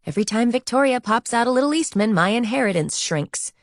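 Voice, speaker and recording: A woman's voice: on the high side, lively intonation, fairly quick, no room sound, studio quality, voice pushed up. Woman voicing Kate, breezy rich college girl. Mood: sardonic. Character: young woman college student, wealthy, restless and dismissive. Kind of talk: audiobook character voice.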